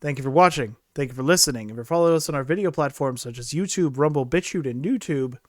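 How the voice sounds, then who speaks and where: A man's voice: on the high side, fast. A man co-hosting a casual podcast, joking around and reading out the show's sign-off. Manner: jokey, reads off sign-off lines. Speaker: podcast co-host.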